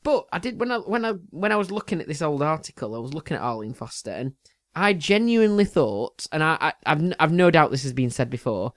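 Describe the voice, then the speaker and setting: A man's voice: fairly high pitch, very animated, fast, dry recording, studio quality. A man co-hosting a casual chat, quizzing his partner with teasing jokes and frequent laughs. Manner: jokey, teasing, laughs often. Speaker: podcast co-host, quizmaster.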